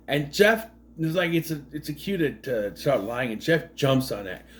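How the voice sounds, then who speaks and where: Brief: man, casual movie recap host, rambling and sardonic, slightly high pitch. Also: expressive, a little fast, hardly any pauses. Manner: rambling, with frequent fillers and restarts; sardonic, questioning asides.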